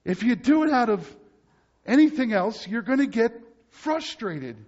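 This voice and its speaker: A male pastor preaching a sermon emphatically, moving between loud urgent passages and low, quiet ones. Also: big pitch swings, measured pace, muffled recording.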